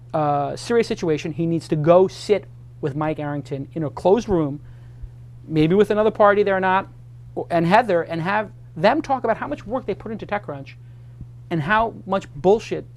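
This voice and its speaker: A man from New York hosting a talk show, telling a personal story in an earnest, emotional way with frequent restarts. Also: high-pitched. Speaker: host. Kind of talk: casual chat.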